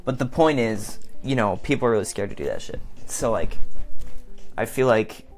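A man's voice: lowish voice, expressive, moderate pace, soft background music. A man talking on his own in a casual vlog, rambling between topics, swearing, and often saying "like.". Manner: rambling and self-mocking, swearing, frequent "like". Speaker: vlogger. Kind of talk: casual solo monologue.

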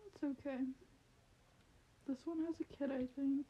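A woman's voice: high-pitched, steady tone, a little slow, warm tone, dull audio. A young woman chatting casually as a podcast guest, playful and teasing. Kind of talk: casual chat.

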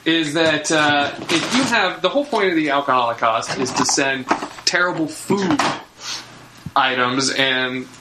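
Podcast dude explaining stuff plainly, higher voice, lots of background noise. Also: male voice, unhurried, roomy sound. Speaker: podcast co-host. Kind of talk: casual podcast chat. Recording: podcast mic with audible noise.

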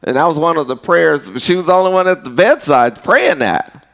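A pastor preaching a sermon in a loose, conversational way, with folksy asides. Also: male voice, a little high, moderate pace, vocal fry, fairly bright tone.

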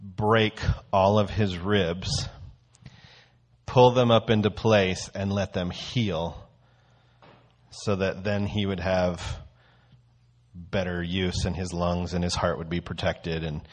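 A man with a somewhat low voice leads a casual church talk. He speaks in a loose, conversational way and eases into his teaching through a story. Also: flat delivery, takes it slowly. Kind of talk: casual sermon.

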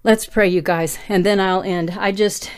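Woman preacher, middle-aged, fervent pleading prayer that builds to near-yelling. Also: mid-range voice, fairly even intonation, measured pace, smooth. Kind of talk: passionate prayer and sermon.

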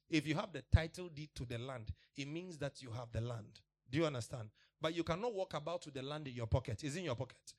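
A man preaching a sermon, emphatic and repetitive, with laughs between points. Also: a little high.

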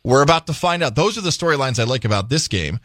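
A man's voice: medium pitch, lively intonation, fast talker, a bit bright, no echo, studio quality. A man co-hosting a sports radio show, playful and jokey, breaking down upcoming games in casual chat. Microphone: studio microphone.

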